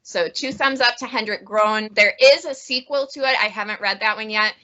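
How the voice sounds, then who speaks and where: A woman's voice: medium pitch, normal speed, pushed and bright, dull audio. A woman librarian chatting casually about funny books she has read, laughing often as she talks. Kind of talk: casual book review chat.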